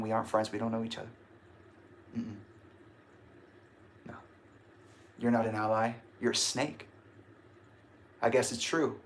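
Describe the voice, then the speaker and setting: A man ranting casually on a livestream, swearing and emphatic, with sudden bursts of shouting. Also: medium pitch. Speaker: livestream host.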